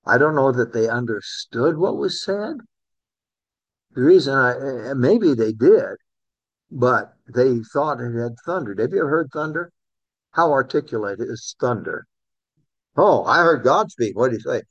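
A man's voice: medium pitch, animated, measured pace, no echo, lo-fi sound. A man preaching a sermon in a conversational way, calling on listeners by name. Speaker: pastor.

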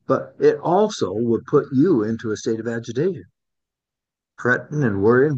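A man's voice: mid-range voice, lively intonation, moderate pace, a little mellow, slightly rough. A man teaching a Bible study class in a conversational way, often repeating words and asking the group questions. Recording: dull lo-fi recording.

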